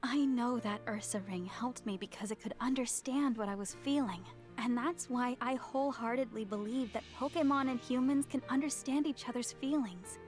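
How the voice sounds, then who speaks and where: A woman voicing an earnest, gentle young woman in a video game, speaking soft and heartfelt. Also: a little high, normal speed, hardly any pauses, faint music behind, lightly acted.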